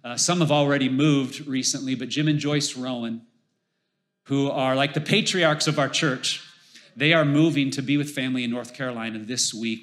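A man's voice: medium pitch, fairly bright tone. A middle-aged man preaching a sermon as pastor, conversational and emphatic, repeating phrases for emphasis.

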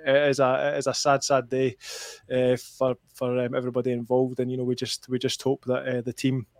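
A man hosts a podcast in an even, flat-toned voice, measured and somber, pausing often with fillers. His voice sits at a middling pitch and sounds dry and close, with little room to it. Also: no room sound. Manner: measured and somber, with many hesitations. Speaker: podcast host. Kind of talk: casual podcast chat.

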